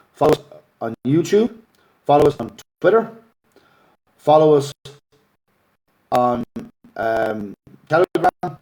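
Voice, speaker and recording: A man's voice: a little high, darkish tone. A middle-aged Irish man, a father and activist, making an earnest, emotional appeal on a livestream. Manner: earnest, pleading, gets emotional. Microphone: phone or laptop livestream.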